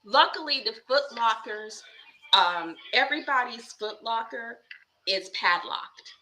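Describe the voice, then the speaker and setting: A woman with a higher voice and a very bright, sharp tone tells a story in relaxed podcast chat. She is animated and sarcastic, slipping into mock politeness. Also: measured pace, poor audio. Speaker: podcast co-host.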